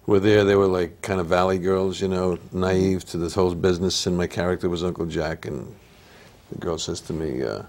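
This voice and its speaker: A man's voice: deep voice, a little fast, darkish tone. An older man with an Italian-American accent and a nasal voice, telling stories as an actor guest in a casual interview. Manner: storytelling, easygoing.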